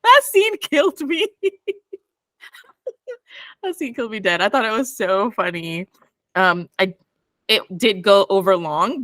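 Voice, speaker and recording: A young woman hosting a book club chat, animated and quick to laugh. Her voice is bright and forceful. It sounds dry and close. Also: lowish voice, no room sound. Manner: animated, laughs often, excitable. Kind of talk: casual chat.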